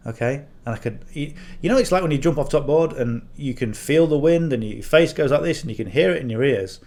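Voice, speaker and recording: A man's voice: fairly high pitch, lively intonation, a little fast, hardly any pauses, darkish tone. Rambling northern English man to camera. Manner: rambling, frequent "okay?" and "you know". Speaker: affiliate marketing coach. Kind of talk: casual talk to camera.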